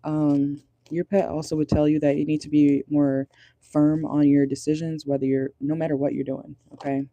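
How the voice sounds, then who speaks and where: A chatty man runs a casual tarot reading, talking in a dark, mellow voice that sits a little high for a man. He sounds amused throughout, and his voice is close and dry, recorded in a car. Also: little pitch movement, normal speed, no room sound, dull audio. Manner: chatty and amused, laughs often. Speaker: tarot reader. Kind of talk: casual pick-a-card reading.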